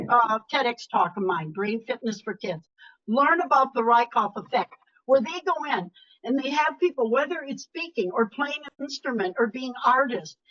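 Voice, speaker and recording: Older woman speaker, emphatic and animated. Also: high voice. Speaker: motivational speaker. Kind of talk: webinar talk. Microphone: video call. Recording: lo-fi video call audio.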